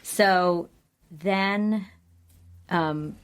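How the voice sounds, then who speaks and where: Low-voiced woman recapping a show. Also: drawn-out words, clean tone. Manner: retells scenes, acting out characters' lines in a raised voice. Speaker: podcast co-host. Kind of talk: casual episode recap chat.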